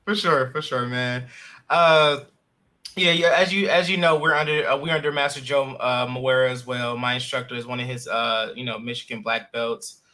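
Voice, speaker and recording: Young male podcast host, bright and sharp tone, loose and easygoing. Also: mid-range voice, normal speed. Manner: relaxed, many fillers. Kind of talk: casual interview chat.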